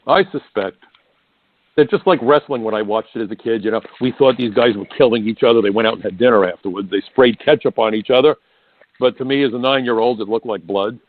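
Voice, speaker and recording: A man, hosting a talk radio show, delivering an emphatic, sarcastic monologue. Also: medium pitch. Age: 60s. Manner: emphatic, sarcastic, mimics politicians in mocking voices. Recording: dry, phone-like narrow sound.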